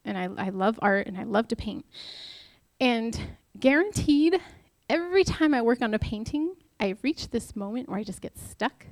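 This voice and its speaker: A woman's voice: on the high side, lively intonation, moderate pace, no echo. A married woman giving a casual devotional talk, chatty and self-deprecating, acting out the lines she quotes. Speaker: Bible study speaker.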